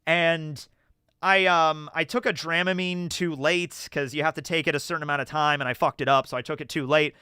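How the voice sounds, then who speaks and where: A man's voice: on the high side, brisk, clean tone, no room sound, clean studio sound. A young American man rambling through stories on a casual livestream, reading chat questions and answering with lots of fillers. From United States. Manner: rambling, animated storytelling with many fillers.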